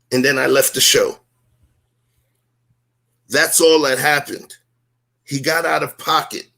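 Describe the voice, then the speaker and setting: Gravelly man arguing his side emphatically. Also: medium pitch, sharp tone. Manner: emphatic, rhetorical, street slang. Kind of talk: heated live-stream discussion.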